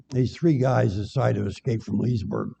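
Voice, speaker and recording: Gravelly older preacher in a church hall. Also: male voice, medium pitch, expressive, a little slow, mellow. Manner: chatty, joking, banters with congregation. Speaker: guest preacher. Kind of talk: folksy sermon with jokes. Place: church sanctuary. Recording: dull echoey church recording.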